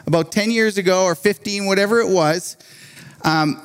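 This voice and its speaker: Animated, higher-voiced male preacher. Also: moderate pace, smooth. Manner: animated, laughs between phrases, restarts. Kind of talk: sermon with storytelling.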